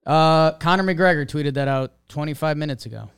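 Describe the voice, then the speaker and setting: A man's voice: on the high side, a little fast, fairly bright tone, smooth, dry recording, clean studio sound. A man co-hosting a podcast, chatting about baseball in a laid-back, wry way. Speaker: podcast co-host. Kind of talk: casual sports chat.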